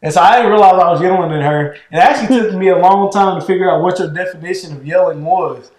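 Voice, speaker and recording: A man with a naturally loud, fairly high voice talks about marriage in a loose, animated way, checking in with his listener as he goes. The room around him is roomy and echoey. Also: fast talker. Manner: conversational, loose and animated, keeps checking in with "right?". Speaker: podcast co-host with his wife. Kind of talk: casual relationship talk.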